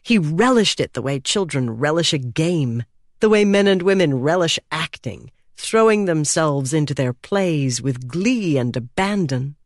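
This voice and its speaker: An audiobook narrator reading a fantasy novel in a measured, expressive way. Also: medium pitch, no echo, clean studio sound. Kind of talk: scripted narration.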